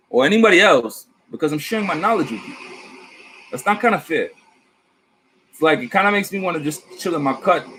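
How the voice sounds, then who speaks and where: His fairly high-pitched voice comes through a low-quality recording with slight background noise. The man is a tarot reader talking on his vlog about spirit guides in a rambling, animated, slangy, and profane way.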